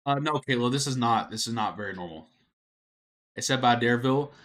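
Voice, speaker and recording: A man's voice: medium pitch, a little fast, a bit bright. A man giving live storm coverage on a stream, answering viewers by name. He is out of breath and straining his voice, and he talks casually and repeats himself. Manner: casual, repeats himself, reads out chat names. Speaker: weather forecaster on a livestream.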